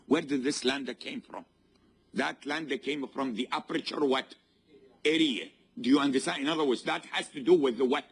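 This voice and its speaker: A man's voice: medium pitch, slightly rough. A male university professor giving a classroom lecture, constantly asking the students to fill in the answer and checking whether they follow. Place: lecture hall.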